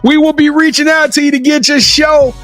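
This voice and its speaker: Hyped high-voiced male podcast host. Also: fairly quick, soft background music. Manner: energetic, hyped, sing-song shouting. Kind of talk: hype outro, sign-off.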